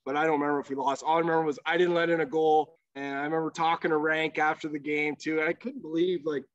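A man's voice: on the high side, little pitch movement, fast, no room sound. A man who is a former hockey goalie, telling a casual, rambling story as a podcast guest and swearing freely. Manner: profane, rambling storyteller with many fillers. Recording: dull lo-fi podcast audio.

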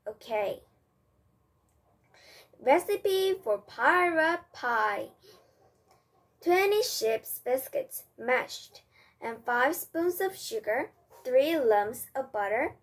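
A woman reading aloud as a female pirate ship's cook, raising her voice and giving orders brightly, with a Korean first language. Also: high voice, lively intonation, slow, pauses often, exaggerated voice. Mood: excited. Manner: loud, bright and commanding.

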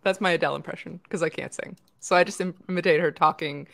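A woman speaking as a panelist on a round-table podcast over a video call, bubbly and quick to laugh. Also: fairly low pitch, steady tone, creaky, fairly bright tone, no room sound. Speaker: panelist, agency owner.

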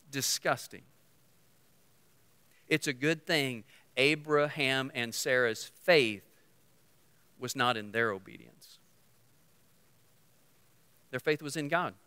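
A male pastor preaching a sermon, swinging from loud to hushed and leading the congregation in call-and-response. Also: a little high, clear, resonant tone. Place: church sanctuary. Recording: long church hall reverb.

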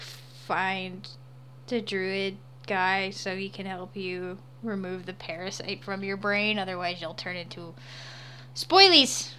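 A woman livestreams while drawing, chatting casually, laughing often, and swearing freely. Her mid-range voice sounds pushed and bright.

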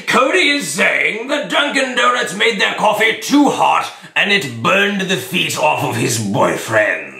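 A man as a blustery puppet-show judge, bright, tense and swooping high, slow delivery. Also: gravelly, roomy sound, exaggerated voice. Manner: booming, gavel-like repeated calls for order. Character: pompous bumbling male courtroom judge.

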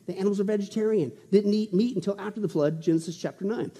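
A man preaching an excitable, jokey sermon, often firing rhetorical questions at the crowd. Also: sits high, fast talker, slightly rough. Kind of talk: sermon on prophecy. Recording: long hall reverb.

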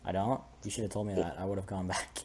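A man's voice: low-pitched, steady tone, fast talker, a little mellow, slight background noise. A young man casually commentating a game, joking and laughing as he plays. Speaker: let's play host.

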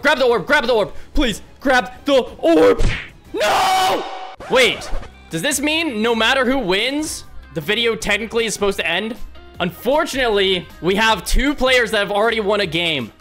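High-pitched excitable gaming commentator. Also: male voice, moderate pace, soft background music. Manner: excitable, yelling at teammates. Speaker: gaming YouTuber. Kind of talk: gameplay commentary.

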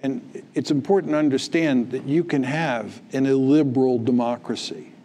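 Mellow-voiced man lecturing emphatically. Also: mid-range voice, moderate pace, slight background noise. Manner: emphatic, lecturing, tags points with "right?" and "okay?". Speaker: guest author answering questions. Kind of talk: public talk Q&A.

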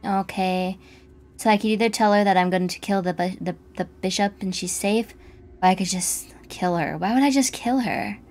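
A woman's voice: mid-range voice, normal speed, a little mellow. A woman commenting casually while playing a game, swearing and squealing when startled. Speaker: gaming streamer. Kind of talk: casual let's-play commentary.

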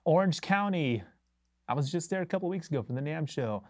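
A man's voice: fairly high pitch, lively intonation, brisk, no echo. Laid-back chatty man, dry close sound. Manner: laid-back, rambling, chuckles often. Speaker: bassist hosting a livestream. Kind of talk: casual livestream chat with viewers. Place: recording studio.

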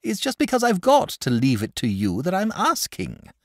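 A man voicing a gentle, nervous and fussy male dragon in a storybook reading, polite and anxious. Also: sits high, huge pitch swings, normal speed, dry recording, clean studio sound, voice pushed up, heavily acted. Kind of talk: audiobook character voice.

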